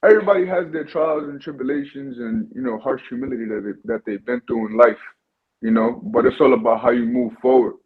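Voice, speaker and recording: New york guy in his 20s on a phone call, husky voice, tinny line. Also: mid-range voice, fast talker. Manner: earnest, repeats "you know". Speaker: guest boxer. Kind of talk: remote interview via phone.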